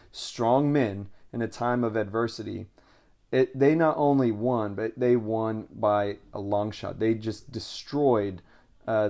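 A man giving a casual devotional teaching, reading scripture aloud with rising emphasis and speaking in a halting way with restarts. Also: mid-range voice, darkish tone. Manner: halting, with frequent fillers and restarts. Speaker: preacher.

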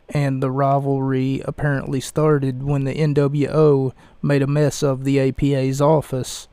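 A man's voice: mid-range voice, mellow, clean tone, dry recording. A man hosting a casual solo podcast, talking in a rambling, hesitant way with dry wordplay. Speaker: podcast host.

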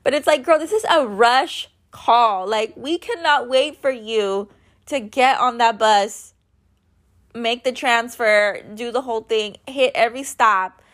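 A woman's voice: a little high, measured pace, a bit bright. A woman in her thirties telling a story in a casual, rambling way, with lots of filler words and blunt swearing, sounding tired. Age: 30s. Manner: chatty, rambling, many "like" fillers.

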